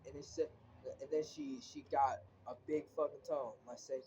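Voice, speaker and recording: A man's voice: a little high, steady tone, normal speed, warm tone, muffled recording, slight background noise. A teenage boy venting in a casual vlog, rambling with constant filler words and swearing, sounding frustrated as he talks into his phone. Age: teens. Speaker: vlogger. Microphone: phone camera, looking down at it.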